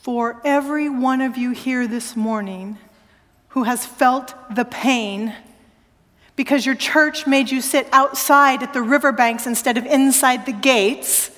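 Woman pastor, high voice, animated sermon storytelling, long church reverb. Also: measured pace. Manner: animated storytelling, rising to emphatic exclamations. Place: church sanctuary.

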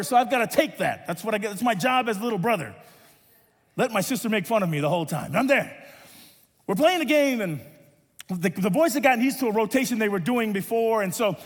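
A man preaching and telling a lively story, acting out the voices of the people in it and rising to shouts at times. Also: high-pitched. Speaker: pastor and volleyball coach. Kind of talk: sermon storytelling. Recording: reverberant hall.

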